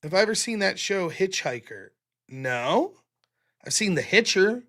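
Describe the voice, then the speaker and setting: A man's voice: high-pitched, big pitch swings, measured pace, a bit bright. A man hosting a late-night live stream, rambling casually with lots of fillers and swearing. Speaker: live-stream talk show host.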